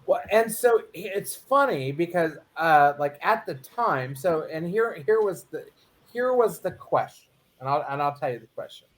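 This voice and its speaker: A man's voice: fairly high pitch, expressive, a little slow. A man co-hosting a casual chat, telling a long story and acting out the quotes along the way. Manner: rambling, storytelling with acted quotes. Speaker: co-host.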